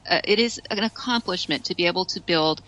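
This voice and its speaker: Bright-voiced woman chatting on radio. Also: lowish voice, a little fast, poor audio. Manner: chatty, hesitant restarts, laughs often. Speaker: radio guest commentator. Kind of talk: casual radio discussion.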